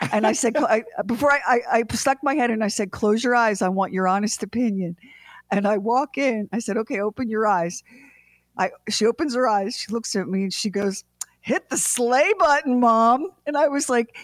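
A middle-aged woman co-hosting a radio show, telling a funny story in a casual, animated way with laughing asides. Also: a little high, dry recording.

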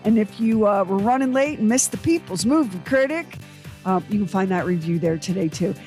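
A woman's voice: medium pitch, animated, a little fast, dark tone, soft background music. A woman co-hosting a radio show, chatty and amused as she plugs the website. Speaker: radio co-host. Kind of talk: casual radio chat.

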